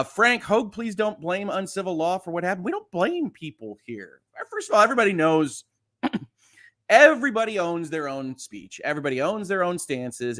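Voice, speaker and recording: A man's voice: high voice, bright, forceful tone. A middle-aged man hosting a casual livestream, chatting and reassuring viewers while reading their comments, often laughing. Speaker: host.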